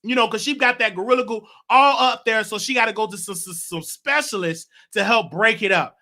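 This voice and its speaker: A man on a talk show offers spirited, emotional takes on celebrity news in a high voice. He lingers over his phrases and frequently laughs.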